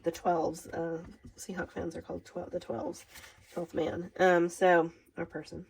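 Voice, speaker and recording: A woman with a Minnesotan accent walks through a craft project in a loose, rambling, chatty way. Her voice sits a little low, with a gravelly edge and a husky, breathy grain. She keeps laughing at her own slips as she goes. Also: level tone, unhurried, rough recording. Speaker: craft demonstrator. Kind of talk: casual craft tutorial.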